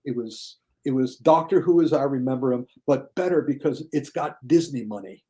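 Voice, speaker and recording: A man talking casually as a guest critic on a podcast, enthusiastic, and mocking critics in a high whiny voice. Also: moderate pace, warm tone.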